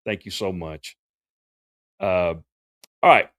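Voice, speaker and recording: A man's voice: low voice, takes it slowly, fairly bright tone, dry recording, studio quality. A man, a professional Santa performer hosting a casual livestream Q&A, talking in a folksy, chatty way with many fillers and restarts.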